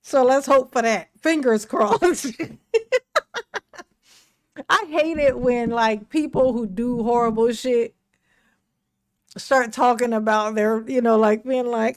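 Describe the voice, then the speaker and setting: A woman's voice: a little high, a little slow, a little mellow. A woman hosting a reaction video, giving casual, blunt and sarcastic commentary with plenty of swearing. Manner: blunt, emphatic, profane and sarcastic.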